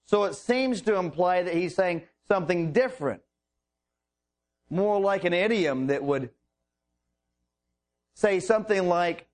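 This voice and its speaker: A man preaching a sermon, teaching slowly and deliberately through a Bible passage with drawn-out pauses. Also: sits high, expressive, darkish tone.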